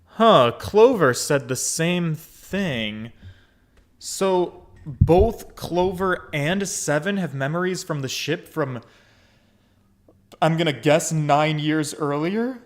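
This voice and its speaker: A man playing a game and reading its text aloud, with casual, expressive commentary and swearing asides. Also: a little high, slow. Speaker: let's play gamer.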